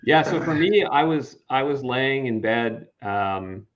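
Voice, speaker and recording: A man, a game designer, talking in a relaxed casual chat. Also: mid-range voice, takes it slowly, highs cut off.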